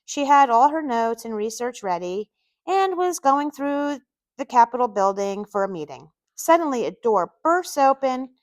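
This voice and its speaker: A woman's voice: a little high, big pitch swings, normal speed, dry recording. Chatty woman reading her own novel. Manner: chatty asides between passages.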